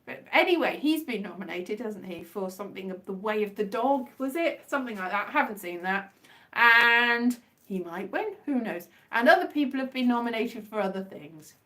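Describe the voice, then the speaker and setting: Woman, livestream host; high, very lively voice; rambling, wry, self-mocking chat. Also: normal speed.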